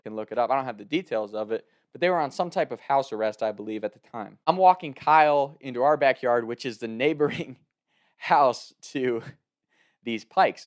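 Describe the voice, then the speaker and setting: A young man casually telling a wild story, animated, laughing and shouting out the lines he quotes. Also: mid-range voice.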